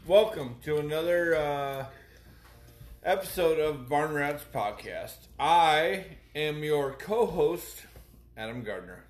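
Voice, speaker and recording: A man's voice: on the high side, expressive, takes it slowly. A joking podcast co-host man swears freely and teases his buddies. his voice swings up and down a lot, and the room around him rings with echo. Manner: profane, joking, teasing. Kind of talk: casual chat. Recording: roomy echo.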